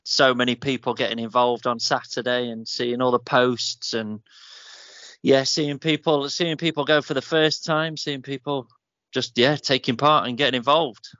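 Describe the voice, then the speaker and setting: A man's voice: medium pitch, fairly even intonation, moderate pace, pushed and bright, dry recording, lo-fi sound. A man, a podcast guest, talking in an upbeat and rambling way.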